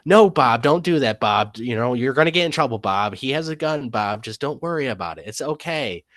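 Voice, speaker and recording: Female Bigfoot mate, nagging and pleading, high-pitched, put on by a man. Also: lively intonation, a little fast, a bit bright, no room sound, studio quality, natural voice.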